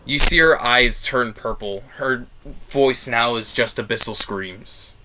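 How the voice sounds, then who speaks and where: Male game master, bright tone, animated delivery with faint hiss behind. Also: mid-range voice, takes it slowly. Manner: animated, laughs while narrating. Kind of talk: narrating a tabletop game.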